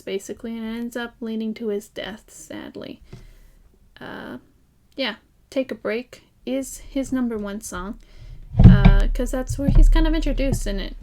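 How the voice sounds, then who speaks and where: A woman's voice: medium pitch, a little hiss or hum. A young woman from Ireland chatting casually and enthusiastically in a fan review vlog, laughing often. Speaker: vlogger.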